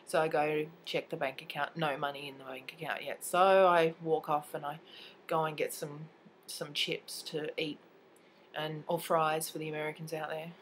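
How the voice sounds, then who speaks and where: A woman's voice: sits low, flat delivery, normal speed, slight background noise, poor audio. A young Australian woman with a cold, telling a story in an indignant, swearing casual rant to camera. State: has a cold.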